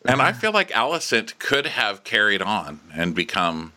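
A man co-hosting a podcast, chatting casually and joking as he recaps a TV episode, often slipping into high put-on voices. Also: moderate pace. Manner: animated, jumps into high put-on voices for jokes. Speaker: podcast co-host. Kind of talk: casual comedic recap chat.

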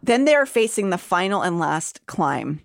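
A woman with a lowish voice recaps a novel for her podcast co-host, narrating the plot like a storyteller and pausing on dramatic gasps. The sound is dry and close, with no room around it. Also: sing-song, vocal fry, no echo. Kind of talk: casual book discussion and recap.

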